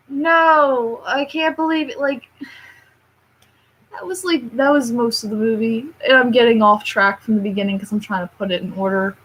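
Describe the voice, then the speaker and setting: A young woman giving a rambling, casual movie review, chatty and animated, with lots of fillers and little laughs. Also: a little high, poor audio.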